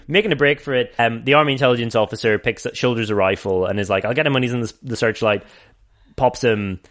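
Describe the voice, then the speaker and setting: A man's voice: medium pitch, a bit bright. A man hosting a podcast, retelling a film's plot in rambling, sweary casual chat and laughing often. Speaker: podcast host.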